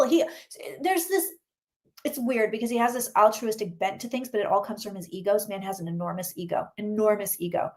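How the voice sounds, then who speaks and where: A talkative woman with a fairly high voice, reading tarot cards live for her viewers. She talks casually and exclaims freely as she answers questions from the chat. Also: brisk. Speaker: psychic reader.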